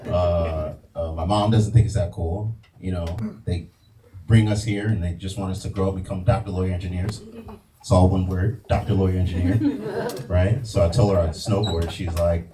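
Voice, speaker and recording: A man from Brooklyn doing a stand-up storytelling set in a comedy club, deadpan and deliberate. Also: low voice. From Brooklyn, New York. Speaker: stand-up comic. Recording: roomy club sound from a distance, noisy.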